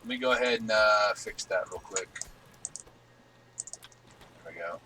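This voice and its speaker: A man's voice: lowish voice, measured pace, crowd noise, low-quality recording. A man in his twenties chatting casually and teasing his co-host while streaming a game. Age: 20s. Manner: joking, teasing, animated banter.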